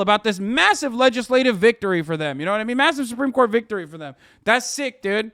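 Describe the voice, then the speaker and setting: A man in his thirties rants on a live stream with a profane, sarcastic edge. His voice sits high for a man and comes through close and dry, with no room at all. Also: expressive, quick pace, few pauses, fairly bright tone, dry recording. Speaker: streamer reacting to news. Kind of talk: ranting casual commentary.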